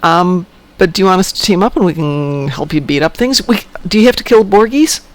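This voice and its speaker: Hosting a live game stream, this man talks with his teammates in an easygoing, friendly, chatty way and laughs often. His high-pitched voice is expressive and fairly quick.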